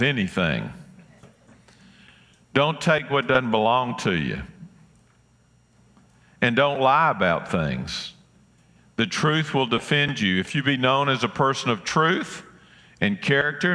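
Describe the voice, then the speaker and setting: Folksy preacher with a bright voice in a hall. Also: male voice, mid-range voice. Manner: folksy storyteller, acts out quoted voices. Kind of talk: sermon with personal storytelling. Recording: long hall reverb.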